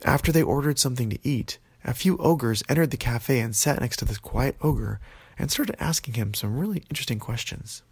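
Gravelly-voiced man telling a children's story. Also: mid-range voice, animated, fairly quick, no echo. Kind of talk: children's bedtime story narration.

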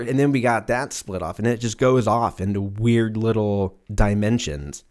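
Recording in a home room with open windows, a twentysomething podcast host rambles on his own, cursing freely and putting on goofy, exaggerated voices. He talks on the low side at normal speed, barely pausing, in a slightly mellow voice.

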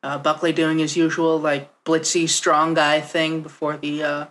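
A man's voice: fairly high pitch, completely flat delivery, a little slow, fairly bright tone. A man co-hosting a podcast, giving laid-back, noncommittal takes in casual chat. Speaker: podcast co-host.

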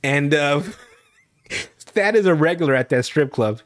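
A man's voice: a little high, animated, measured pace. A young man hosting a podcast, recapping a TV episode in casual chat, rambling and profane, with frequent laughs and restarts. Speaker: podcast host.

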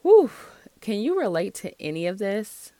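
Lower-voiced woman hosting a solo podcast. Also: animated, measured pace, no room sound. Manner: warm, encouraging, chatty. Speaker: podcast host.

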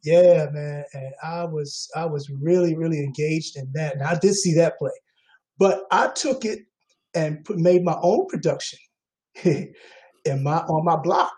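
A man's voice: fairly high pitch, unhurried, darkish tone, poor audio. A man, a guest actor, telling his story in a rambling way with many fillers and restarts. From Queens, New York. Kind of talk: casual interview talk.

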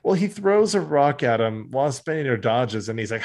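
Podcast co-host, male, lively pitch, playful comic recap delivery. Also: normal speed. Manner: animated, acts out characters' lines in silly voices. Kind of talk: casual comic recap chat.

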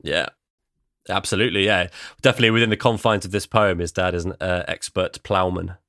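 Teasing low-voiced man in casual chat. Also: steady tone, a little fast, a bit bright, no echo, studio quality. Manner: teasing, laughs easily. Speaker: podcast co-host.

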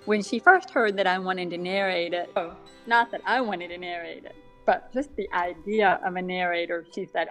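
A woman guest in a casual interview, speaking with a deaf accent that makes some sounds slightly different, chatty and quick to laugh at herself. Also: lowish voice, a bit bright, faint music behind. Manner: chatty, laughs often, self-deprecating asides. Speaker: guest author.

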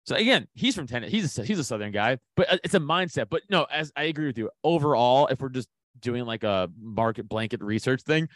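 A man, telling a profane story in casual podcast chat. He laughs often and his voice rises as the story builds. His voice sits at a middle pitch, and the close mic sounds dry with no room behind it. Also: expressive, quick pace, fairly bright tone, no room sound. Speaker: comedian guest.

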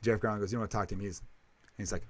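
Speaking in a lowish, steady voice at a racing pace, this comedian hosts a casual podcast chat. He meanders, swears freely, and keeps derailing his own sentences.

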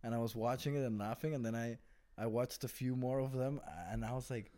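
A man's voice: mid-range voice, fairly quick. A man from Peru, a recurring guest comedian, chatting casually on a podcast, swearing a lot and calling his friend "dude" and "bro.". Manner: profane, animated, swears often, says "dude" and "bro".

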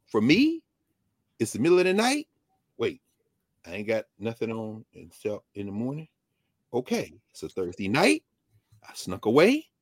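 Animated husky man, pitch leaping around. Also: dry recording, clean studio sound. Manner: lively, digressive, quick shifts between high and low pitch. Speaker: guest. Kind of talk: animated conversational talk.

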